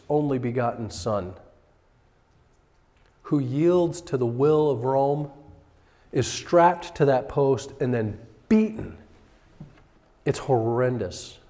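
A man preaches in a mellow, mid-range voice, keeping his sermon conversational and occasionally acting out characters' words. The sound has hall reverb.

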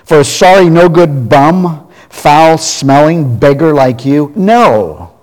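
A man voicing a gruff, angry innkeeper woman who growls and snaps, heard in a reverberant hall. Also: a little high, expressive, takes it slowly, darkish tone, voice pushed up. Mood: scornful. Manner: growling, snapping. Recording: long reverb of a large hall.

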